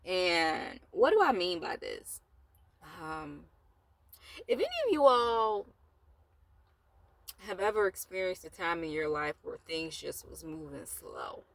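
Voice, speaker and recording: A woman's voice: deep voice, expressive, measured pace, vocal fry. A woman giving a casual motivational talk from a parked car, chatty and rambling with asides. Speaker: motivational vlogger.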